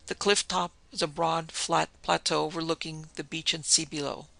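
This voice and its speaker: A man tells a pulp horror story in the first person, in a dramatic storytelling manner. His voice is very bright and gravelly and sits a little high. Faint music plays beneath. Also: little pitch movement, moderate pace, few pauses. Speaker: narrator.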